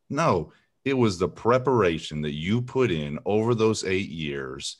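A man's voice: low voice, expressive, normal speed. A man hosting a podcast, reflecting on what his guest said and casually calling him "man". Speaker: podcast host.

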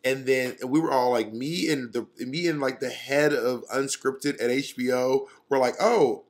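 A man in his thirties co-hosts a podcast in loose, comic conversation. He tells animated stories and laughs often along the way. His voice sits at an ordinary middle pitch. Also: normal speed. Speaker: podcast co-host. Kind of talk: casual comic chat.

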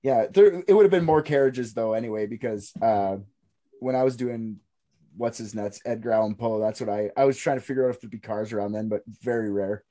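Joking guy cohost, warm low-key tone, rambly and a bit crude. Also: a little fast. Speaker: podcast co-host. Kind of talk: casual chat.

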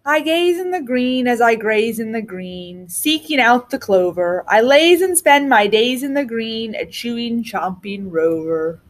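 A sleepy, lazy donkey, voiced by a woman reading a storybook drawls a slow rhyme. The voice wanders widely up and down. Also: a little high, animated.

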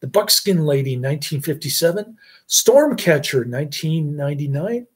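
A man's voice: a little high, expressive, moderate pace, breathy edge. A middle-aged man hosting a casual movie review chat, rambling with fillers and chuckles.

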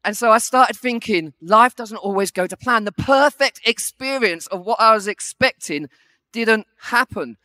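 A man's voice: high voice, normal speed, sharp tone, dry recording, studio quality. A man preaching a sermon, telling a self-deprecating story with comic timing.

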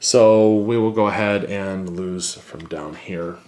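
A man's voice: sits low, fairly even intonation, takes it slowly, darkish tone, slight background noise. A man hosting a board game channel, thinking aloud with many fillers and reading cards as he plays a solo game.

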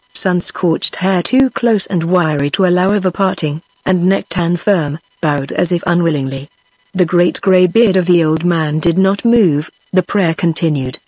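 This is a synthetic text-to-speech woman's voice, British English in accent and somewhat low, narrating a novel as an audiobook. Her tone stays steady and identical for every character. The audio is poor, with no room sound.

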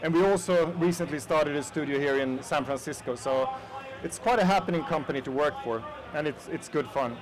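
A man's voice: fairly high pitch, brisk, rough recording. A man from Sweden with a Swedish accent, giving a chatty conference presentation and talking straight to the audience with plenty of fillers. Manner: chatty, addresses the audience directly with frequent fillers. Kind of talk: casual conference talk. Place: conference hall.

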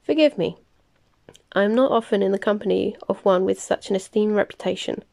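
A woman voicing a powerful, controlled male vampire master, in a slow, measured storybook reading. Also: mid-range voice, gravelly, a little mellow, close to an everyday voice. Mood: polite.

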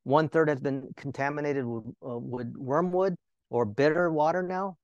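A man's voice: fairly high pitch, moderate pace, no room sound, dull audio. A male Bible teacher giving a sermon, talking to the listeners with rhetorical questions and joking asides.

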